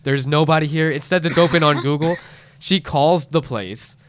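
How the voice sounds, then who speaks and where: The voice belongs to a man in his late twenties, a podcast host, and sits on the high side at a normal speed. He's an animated storyteller in casual chat, raising his voice to play other people's lines, and the recording carries a little hiss or hum.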